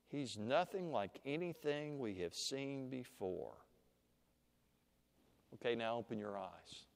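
A man preaching a sermon, teaching slowly and deliberately with dramatic pauses and leading listeners through an imagined scene. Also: mid-range voice, creaky. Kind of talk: sermon with guided imagination exercise. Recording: long hall reverb.

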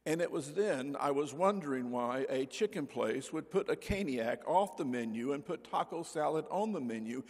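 Folksy older pastor, gravelly voice. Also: male voice, fairly high pitch, animated, moderate pace, few pauses, a little mellow, in a large hall. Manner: folksy storyteller, acts out voices. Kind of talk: sermon with anecdotes. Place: church sanctuary.

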